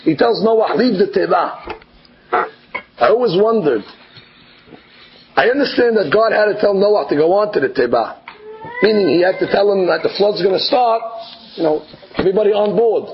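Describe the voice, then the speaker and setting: A rabbi teaches his regular class with a high-pitched voice. He talks to his listeners in a conversational way and answers their imagined objections himself. The recording sounds dull and lo-fi. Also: expressive, normal speed, long pauses, slight background noise. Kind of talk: Torah class.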